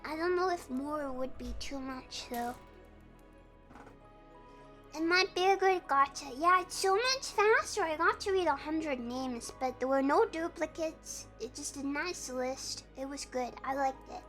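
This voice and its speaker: A woman's voice: high voice, unhurried, fairly bright tone, faint music behind. A woman streaming live, chatting casually and greeting viewers by name in a bubbly way.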